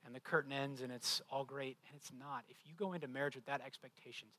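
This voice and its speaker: A middle-aged male pastor giving a sermon, telling stories with animated, self-deprecating humor. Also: medium pitch, quick pace.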